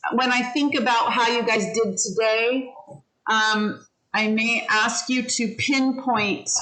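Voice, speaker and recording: Patiently explaining pronunciation, a woman gives encouraging feedback in her online English class and shows how word stress changes. She has a bright, forceful voice in the mid range, heard over poor audio.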